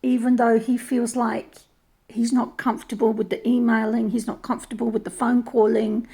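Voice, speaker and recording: A woman's voice: fairly high pitch, flat delivery, normal speed, dark tone, slightly rough. A woman from New Zealand or Australia, with that region's accent, giving opinion commentary in a thoughtful way, often restarting and repeating words.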